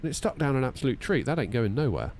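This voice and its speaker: A man's voice: medium pitch, sing-song, fast talker, darkish tone, a little hiss or hum. A man in his thirties, chatting casually on a live stream while running through flight checklists, self-deprecating and talkative. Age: 30s.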